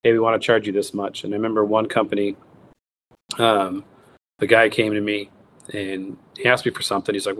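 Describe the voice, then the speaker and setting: Speaking brisk and a bit bright, this thirtysomething guest has a fairly low, level voice, with a little hiss or hum on the recording. He's a wild game cook and recipe writer recounting his story in a relaxed interview, imitating the people involved and frequently starting over.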